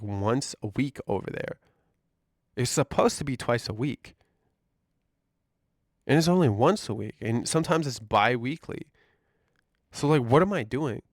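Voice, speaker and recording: Slow, animated man ranting profanely. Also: medium pitch, no echo, clean studio sound. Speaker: vlogger. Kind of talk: ranting monologue.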